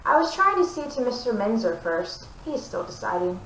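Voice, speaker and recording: A woman's voice: a little high, big pitch swings, a little fast, fairly bright tone, reverberant, a little hiss or hum, poor audio. A woman reading a storybook and voicing a handsome young man who works in a bakery, speaking dryly and teasingly. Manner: dry, teasing.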